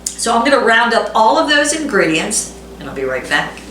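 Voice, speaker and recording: A woman's voice: fairly high pitch, big pitch swings, normal speed, pushed and bright, a little hiss or hum. Woman, middle-aged, home cooking host, casual self-deprecating chat, reads recipe aloud, echoey kitchen, clattering dishes.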